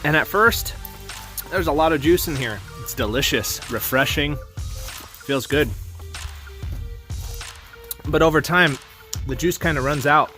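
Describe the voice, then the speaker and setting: A man's voice: fairly high pitch, unhurried, pauses often, sharp tone, faint music behind. A man in his twenties delivering a comic monologue as a vlogger, playful, jokey and mock-serious.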